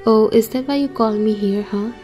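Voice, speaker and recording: A woman's voice: fairly high pitch, normal speed, highs cut off, faint music behind, close to an everyday voice. A woman reading the part of a playful young wife and new mother in a read-aloud story. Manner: light, playful.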